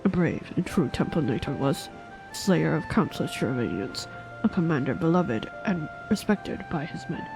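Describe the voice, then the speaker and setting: A woman's voice: sits low, sing-song, moderate pace, over music, pitched below the performer's own voice, rough recording. Woman voicing a grave old knight mentor. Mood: solemn. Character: old male knight mentor, solemn and regretful.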